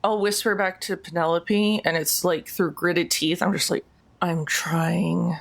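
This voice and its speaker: A woman's voice: fairly low pitch, fairly even intonation, moderate pace. A woman playing a tabletop game, chatting casually with a giggly, self-mocking manner. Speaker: player.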